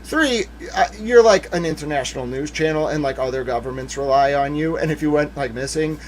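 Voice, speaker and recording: A man giving casual, rambling legal commentary on a stream, animated, with jokey asides and mock voices. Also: a little high, fairly quick, a little hiss or hum.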